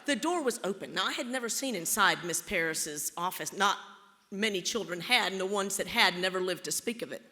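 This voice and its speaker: Woman keynote storyteller; bright, animated, playful, in a large hall with long reverb. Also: mid-range voice, fairly quick, slight background noise. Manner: theatrical, playful, teasing the audience. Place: large auditorium.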